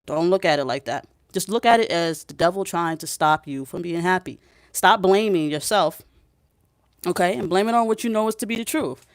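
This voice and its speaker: A woman's voice: fairly low pitch, normal speed, no room sound, clean studio sound. A woman talking straight to the camera, giving spiritual advice in a casual vlog. She is emphatic, preachy and blunt, swears freely, and keeps checking in with the listener. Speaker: spiritual reader.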